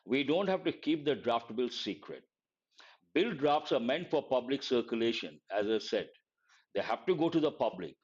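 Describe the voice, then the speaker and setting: A man with an Indian English accent teaches vocabulary from a newspaper editorial. His voice sits at an ordinary middle pitch. He stops often to define words in a patient, repetitive way. The recording is somewhat dull and lo-fi. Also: husky. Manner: reads a passage, then explains words slowly. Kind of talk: live editorial analysis lesson.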